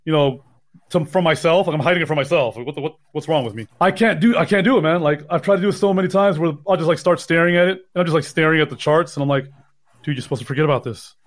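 A man's voice: on the high side, fast. A sleep-deprived man co-hosting a podcast in casual chat, rambling and mocking himself with frequent laughs. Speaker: podcast co-host.

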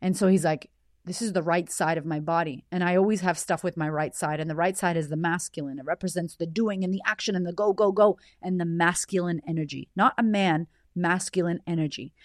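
A woman's voice: fairly low pitch, a little fast, no room sound, clean studio sound. A woman hosting her own show, telling a personal story in a raw, emotional way with plenty of swearing. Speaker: podcast host.

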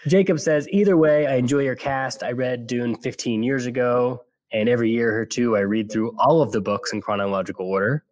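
A young man from California with a General American accent, co-hosting a casual podcast and rambling with quick restarts. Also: mid-range voice, darkish tone, dry recording. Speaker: podcast co-host.

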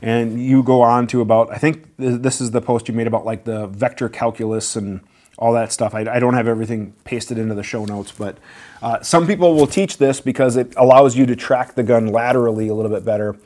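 A man's voice: medium pitch, a little fast. Casual man hosting a Q&A. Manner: relaxed, conversational, frequent fillers and self-corrections. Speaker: firearms Q&A show host. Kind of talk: casual question-and-answer talk.

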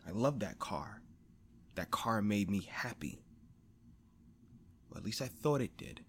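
A man hosting a podcast, talking in a personal monologue, blunt and profane, repeating phrases for emphasis and rising louder and higher as he presses a point. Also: a little hiss or hum. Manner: grows louder and higher when stressing a point. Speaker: podcast host.

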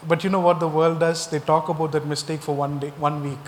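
A pastor with a slightly high voice preaches fast with little pitch movement, firing emphatic rhetorical questions at his listeners. A long reverb suggests a large hall, and faint noise lies under his speech.

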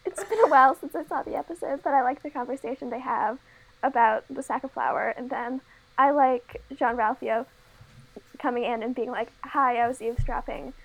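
A woman's voice: high-pitched, moderate pace, gravelly, rough recording. A woman guest in a casual chat over a video call, talking hesitantly with many ums.

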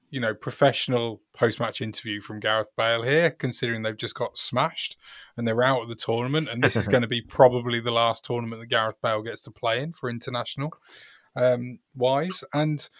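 A man's voice: mid-range voice, dry recording, studio quality. Chatty man talking football. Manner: chatty, laughs often, drawn-out explanations. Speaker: podcast co-host. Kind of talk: casual football chat.

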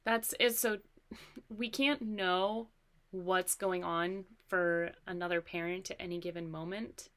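A woman's voice: lowish voice, fairly even intonation, a little slow. A woman in her thirties, a parent, reflecting and telling a story in casual chat. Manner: reflective, trails off into soft asides.

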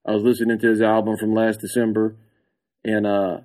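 A man's voice: on the low side, brisk, poor audio. A man, a comedian guest on a podcast, telling a story casually with lots of swearing and laughter. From San Antonio, Texas. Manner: animated, acts out his own reactions in a raised voice; profane, laughs often.

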